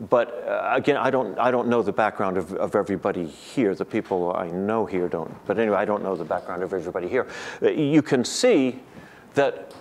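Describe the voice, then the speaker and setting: Low-voiced man giving a lecture. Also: darkish tone. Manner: thinking aloud, frequent restarts and repeated words. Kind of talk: academic lecture.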